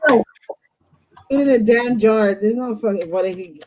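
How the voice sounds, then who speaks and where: A woman's voice: fairly high pitch, normal speed, pauses often, a little mellow, a little hiss or hum, poor audio. A woman reading tarot on a live stream, talking bluntly and swearing freely. She leans straight into the listener and gets fired up when something strikes a nerve. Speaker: host, tarot reader.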